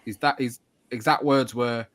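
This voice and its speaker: A man hosts a relaxed live show, talking in a friendly, rambling way. His voice sits at a middle pitch, and he fills gaps with ums and restarts. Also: moderate pace. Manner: chatty, friendly, many fillers and restarts. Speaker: podcast host. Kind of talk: casual live show chat.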